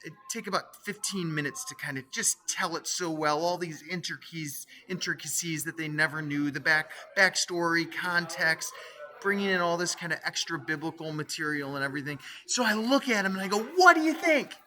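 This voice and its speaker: A middle-aged man lectures on theology with a bright, forceful voice. He tells a personal story with animation and keeps turning to his students with questions. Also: a little high, moderate pace, slight background noise. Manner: animated, asks the listeners questions. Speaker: theology teacher.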